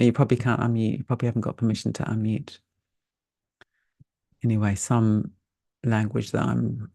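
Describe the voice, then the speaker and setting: A woman's voice: a bass voice, gravelly, mellow. A woman in her later years, a meditation teacher, chatting casually and laughing at herself while closing a live online session over a video call. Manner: chatty and self-deprecating, laughs easily.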